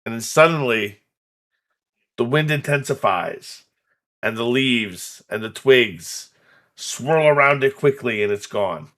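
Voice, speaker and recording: A man running a tabletop horror game, describing each moment at an unhurried, measured pace. His voice has a bright, forward edge. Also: mid-range voice, expressive. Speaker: game master.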